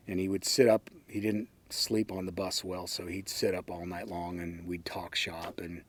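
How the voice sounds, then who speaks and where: An older man telling anecdotes in a relaxed, wry way, with frequent ums and uhs. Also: low-pitched, normal speed. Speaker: interviewee. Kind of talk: casual anecdotal storytelling.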